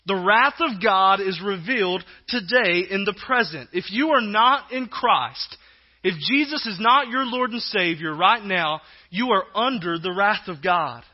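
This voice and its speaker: A male pastor preaching an emphatic sermon, his voice rising loud and then dropping to a hush. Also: sits high, dull audio. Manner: emphatic preaching, swinging between loud and hushed.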